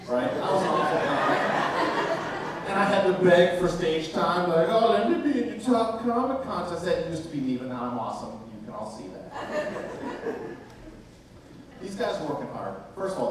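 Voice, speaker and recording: On a live club stage, a male stand-up delivers a brash, foul-mouthed set and ribs the audience as they laugh. He speaks briskly in an expressive, mid-range voice. The sound is echoey and noisy, picked up from a distance, with crowd laughter in the background.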